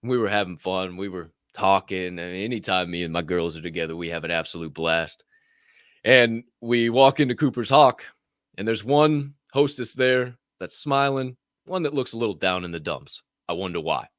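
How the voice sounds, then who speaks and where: A middle-aged man co-hosting a podcast, telling stories casually with lots of swearing and loud acted-out quotes. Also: deep voice, moderate pace, no room sound, studio quality. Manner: animated, profane, acts out other people's voices loudly. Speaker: podcast co-host. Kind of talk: casual storytelling.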